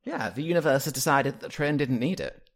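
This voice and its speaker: A player chatting about a character in a tabletop game, animated with quick remarks. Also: medium pitch. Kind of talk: casual tabletop game chat.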